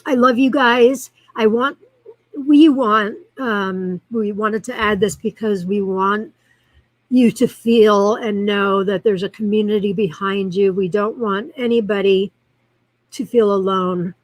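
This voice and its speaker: A woman's voice: medium pitch, no echo, poor audio. A woman hosting a live-streamed show, chatting casually in a rambling way and reacting to viewer comments as she reads them aloud.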